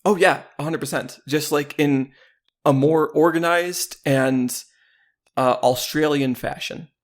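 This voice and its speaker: A man's voice: on the high side, fairly even intonation, slow pace. A man co-hosting a podcast in playful, rambling casual chat, often laughing. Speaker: podcast co-host.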